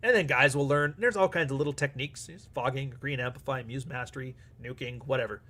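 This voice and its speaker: The livestream host's mid-range voice is bright and forceful, moving a little fast. Responding to super chats, he speaks in a blunt, casual way with lots of swearing and plays out dialogue between characters.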